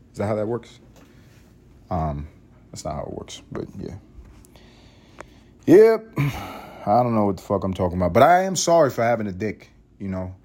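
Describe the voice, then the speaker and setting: A man from East Harlem hosting a podcast, delivering a crude, sarcastic comedic monologue that swings between loud mock outbursts and muttered asides. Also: lowish voice. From East Harlem, New York. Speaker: podcast host.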